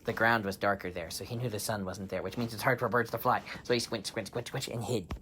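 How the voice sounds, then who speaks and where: A man telling an improvised bedtime story to children, playful and animated, with sound effects and laughter. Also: on the low side, brisk, slight background noise.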